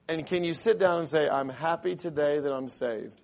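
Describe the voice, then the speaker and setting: A sermon comes from a raspy middle-aged man whose pitch is fairly high. He keeps a moderate pace with few pauses, and his quotations of scripture rise into loud, emphatic delivery.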